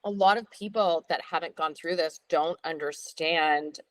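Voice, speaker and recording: Lower-voiced woman in casual chat. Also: measured pace. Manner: chatty, animated retelling with filler words. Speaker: host. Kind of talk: casual conversation.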